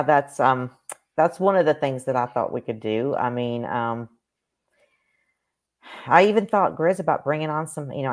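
A woman with a very low voice talks casually on a live stream as a psychic medium. She rambles and hesitates, using many fillers. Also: darkish tone.

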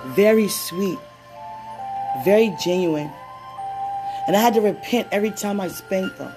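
A woman preaching with an easy, chatty warmth. She moves between personal stories and slow, deliberate prayer, in a mid-range voice, with faint music underneath. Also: medium pitch. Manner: conversational, laughing asides, slows down for prayer. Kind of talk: sermon and prayer.

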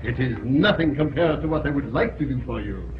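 A man's voice: mid-range voice, lively intonation, brisk, natural voice. Guy playing an old movie romeo, swoopy and eager, hissy dull film sound. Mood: wooing. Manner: flowery, wooing. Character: smooth-talking man courting a rich widow. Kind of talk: 1930s film comedy acting.

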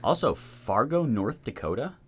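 A man's voice: mid-range voice, big pitch swings, normal speed, slightly rough. A young man in casual chat, skeptical and stubborn but playful.

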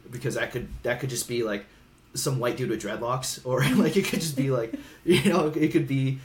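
At a normal speed and in a mid-range voice, a man from Hawaii in his thirties tells stories candidly as an experienced podcast guest. Casual and frank, he swears now and then and brings quoted voices to life. The room is echoey, with a little hiss or hum.

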